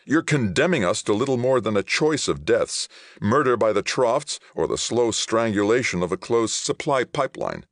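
A man reading the part of an angry colonist man, with a raised, sharp and indignant delivery. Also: lowish voice, big pitch swings, normal speed, no room sound, studio quality, pitched above the performer's own voice. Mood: bitter.

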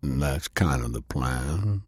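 A man voicing a big, calm, gruff bounty hunter in an audiobook. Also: extremely low pitch, takes it slowly, dry recording, studio quality, pitched below the performer's own voice, heavily acted.

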